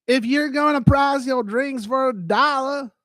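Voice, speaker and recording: A man's voice: very high-pitched, unhurried, bright, forceful tone, dry recording. A man hosting a casual livestream, playful and rambling, jumping into silly bits. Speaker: livestream host.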